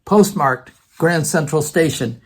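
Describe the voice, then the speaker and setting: Older male storyteller, ex-theater department head, conversational and lively with quoted dialogue. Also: fairly high pitch, slow pace, a little hiss or hum. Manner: conversational, acts out other people's lines. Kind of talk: personal storytelling vlog.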